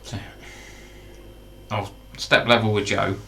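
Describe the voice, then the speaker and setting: Slow, gravelly-voiced male player. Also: lowish voice, little pitch movement, pushed and bright, slight background noise. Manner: hesitant, many ums. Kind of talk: tabletop game play, casual.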